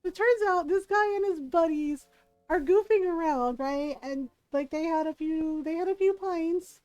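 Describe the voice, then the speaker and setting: High-pitched young woman streaming, chatty and rambly, laughs a lot, kinda muffled mic, soft game music behind. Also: a little slow, no room sound. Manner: rambling, laughs often, many fillers. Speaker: live streamer. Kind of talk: casual storytelling while gaming. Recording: slightly muffled stream audio.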